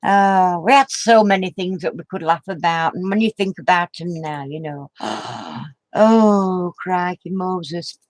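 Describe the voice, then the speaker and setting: An older woman vlogging about crafts tells a funny, rambling story to the camera, laughing as she talks and throwing in homely exclamations. Her voice is fairly low and a little slow, and the recording is dry.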